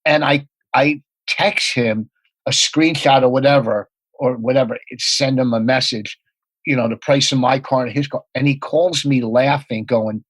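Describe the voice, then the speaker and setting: A man telling rapid, profane comedy anecdotes in a casual podcast chat. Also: mid-range voice, steady tone, no echo, poor audio. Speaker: comedian guest.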